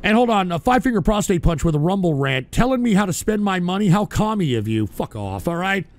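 A man hosting a livestream show, ranting with constant swearing, shouting at trolls, and tacking "all right?" onto his sentences. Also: high voice, very animated, quick pace. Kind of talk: profane livestream rant.

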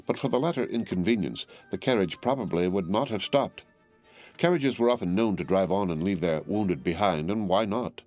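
A man narrating a classic novel as an audiobook in a measured, formal storytelling manner. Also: sits low, a little mellow, soft background music.

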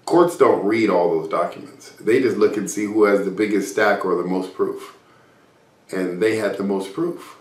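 A man speaking as a motivational business speaker. He tells a personal story and acts out remembered conversations, with frequent restarts. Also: deep voice. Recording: roomy, distant mic.

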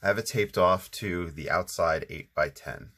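A man with a very low voice talks casually through a watercolor session at home. He rambles a little, fills pauses with ums and sounds like he has only just woken up. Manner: relaxed, rambling, many ums. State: sleepy, just waking up. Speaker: watercolor channel host. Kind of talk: casual painting tutorial narration.

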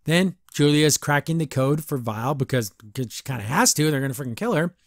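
A young man hosts a casual review podcast, talking in an excitable, rambling way as he recaps an episode. His voice sits a little high for a man. The sound is dry and close, with no room around it. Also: a little fast, no room sound. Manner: excitable, rambling fan talk. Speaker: podcast host.

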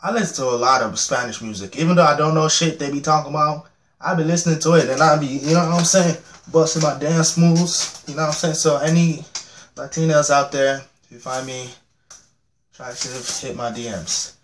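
A young man reacting to a music video, joking, swearing freely and getting loudly excited. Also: on the high side, a little fast, slight background noise. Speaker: reaction channel host. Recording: echoey room with music playing. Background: music video playing loudly.

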